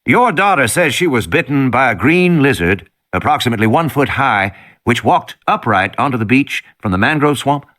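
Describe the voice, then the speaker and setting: A man voicing a patient male American field biologist with a soft Southern accent in an audiobook. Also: mid-range voice, sing-song, normal speed, voice pushed up. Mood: explaining. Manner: patient, explanatory.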